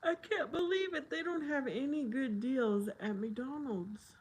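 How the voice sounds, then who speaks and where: A woman's voice: sits high, measured pace, husky, poor audio. A middle-aged woman hosting a casual livestream, chatting with viewers and laughing often. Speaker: livestream host.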